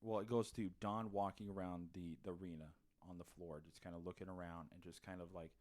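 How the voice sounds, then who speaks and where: Deep and darkish in tone, this man speaks briskly with a level tone. Co-hosting a podcast, he casually recaps a film's plot in a movie review chat, rambling and peppering it with fillers and restarts.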